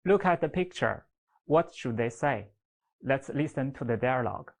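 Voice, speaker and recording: A Chinese language teacher giving a slow lesson in patient English, with repeat-after-me drills and example words drawn out deliberately. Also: medium pitch, animated, darkish tone.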